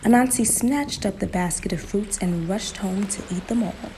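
A woman narrating a folktale in a slow, emphatic storytelling manner, in a noisy recording. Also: lowish voice, steady tone, dark tone.

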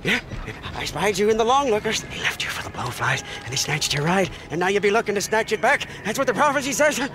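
Brief: a zealous wasteland mechanic, high and jumpy, over loud game noise. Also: male voice, expressive, fast talker. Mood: eager. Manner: fervent, rambling, reverent. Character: zealous hunched male desert mechanic. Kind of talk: video game dialogue.

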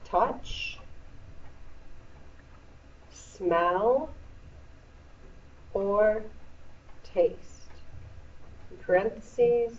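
A woman's voice: medium pitch, extremely slow, pauses often, recorded from a distance, a little hiss or hum. A woman teaching a middle school English lesson in a classroom, explaining patiently with playful asides. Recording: echoey classroom recorded from afar, dull.

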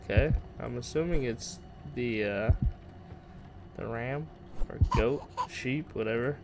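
A gaming channel host speaks slowly in a medium-pitched voice during a casual game walkthrough, getting excitable and jumpy and swearing mildly in surprise. Background noise fills the recording.

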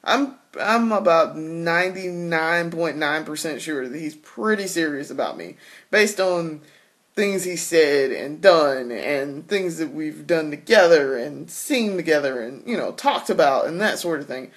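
A woman's voice: deep voice, animated, a little slow. A woman talking candidly in a casual personal vlog, laughing often and restarting her sentences. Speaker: vlogger.

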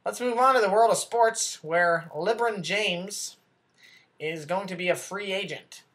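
A man's voice: high voice, measured pace, a bit bright. A man playing a bumbling, self-important TV news anchor who rambles, gets flustered, corrects his own slips and talks back to people off camera. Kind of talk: comedy sketch acting.

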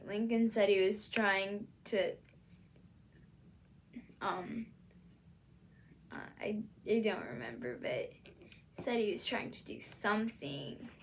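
A woman's voice: fairly high pitch, fairly bright tone, a little hiss or hum. A woman from the US Midwest, hosting a casual solo vlog and rambling hesitantly with many fillers. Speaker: channel host.

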